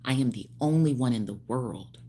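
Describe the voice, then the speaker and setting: Very deep-voiced woman in her fifties. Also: moderate pace, husky. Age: 50s. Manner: animated, preachy, with laughs. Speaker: hairstylist. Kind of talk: casual livestream talk.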